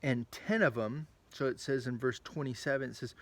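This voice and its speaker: Brief: male children's ministry leader, casual animated storyteller, mid-range voice. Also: medium pitch, moderate pace, hardly any pauses. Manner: animated storytelling, acting out quotes; chatty, with frequent asides. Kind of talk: children's Bible lesson.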